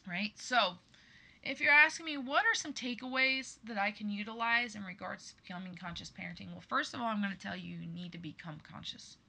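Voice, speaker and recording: Brisk and creaky, with a sharp tone and mid-range pitch, a podcast host in her thirties talks directly to her listeners. She's earnest and emphatic in this personal monologue, repeatedly saying "you guys."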